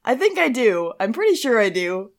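A woman's voice: fairly high pitch, big pitch swings, normal speed. A young woman co-hosting a casual chat about song lyrics, giggling often and thinking aloud with lots of "like"s. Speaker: podcast co-host.

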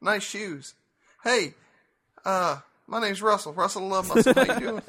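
Man putting on a high twangy barroom flirt. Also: a little slow, bright, forceful tone, exaggerated voice. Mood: flirty.

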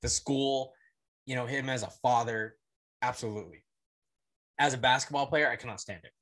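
A young man co-hosting a casual sports podcast, blunt and animated, swearing casually and laughing through his stories. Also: mid-range voice, normal speed. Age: young adult. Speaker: podcast co-host.

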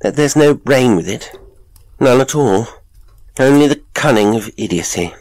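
A man voicing a nervous, disgusted professor in a horror audiobook reading, speaking with a high, agitated edge. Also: expressive, measured pace, gravelly, exaggerated voice.

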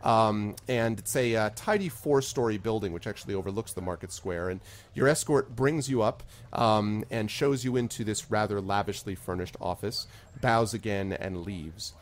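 A man narrating as game master of a tabletop game, relaxed and rambling with many fillers. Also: fairly low pitch, moderate pace.

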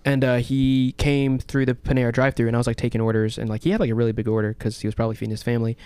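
A man, hosting a radio talk show and telling a long story in a loose, animated way with lots of fillers and swearing. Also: mid-range voice, rapid-fire, clear, resonant tone, dry recording. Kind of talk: casual chat, storytelling.

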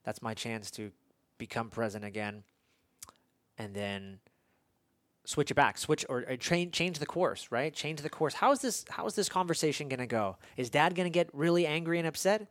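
A man hosting an interview, talking reflectively in a halting, casual way with frequent restarts. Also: on the high side, no room sound. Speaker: podcast host. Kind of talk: conversational interview.

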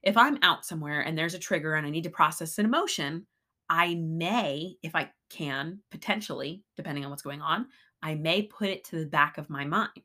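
A woman's voice: low-pitched, animated, fairly quick, bright, forceful tone. A middle-aged woman co-hosting a casual faith podcast, talking earnestly and emphatically, laughing often. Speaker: podcast co-host.

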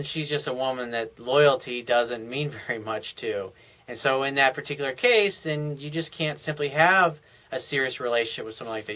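A dating advice host delivers a monologue answering listener emails with blunt, coaching, sometimes profane advice. His voice is medium-pitched with a sharp tone.

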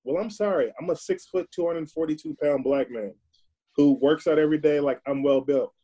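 A man's voice: fairly high pitch, fairly quick, warm tone. A man, a guest on a podcast, speaking earnestly and at length, often repeating words as he searches for what to say. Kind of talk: conversational, reflective monologue.

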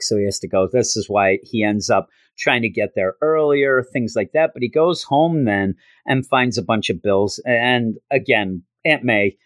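A man hosting a podcast, casually recapping a comic with an animated delivery and quick high-pitched character voices. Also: no room sound. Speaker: podcast host.

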